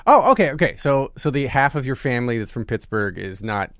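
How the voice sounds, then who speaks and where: A man in his forties hosting a podcast interview, playful and quick to joke. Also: mid-range voice, big pitch swings, a bit bright, no echo, clean studio sound. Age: 40s. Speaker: podcast host.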